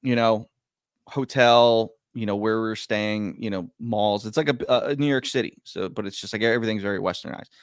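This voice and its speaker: A man casually telling a long story on a podcast, rambling and stumbling over his words, his voice swinging between loud bursts and quiet mutters. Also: fairly low pitch, fairly even intonation, moderate pace, clear, resonant tone, dry recording, studio quality. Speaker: podcast guest.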